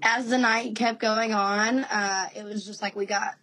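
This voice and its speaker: Lady in her 30s chatting away as a podcast guest, lively storyteller, laughs a lot, mid-pitched voice. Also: measured pace, poor audio. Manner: chatty, animated, laughs often. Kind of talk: casual storytelling interview.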